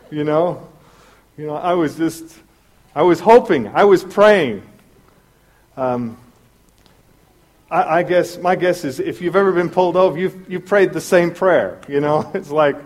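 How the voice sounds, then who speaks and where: A man preaching a sermon, telling a story in an animated way and acting out the voices of the people in it. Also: on the high side, measured pace. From Southern California. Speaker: pastor.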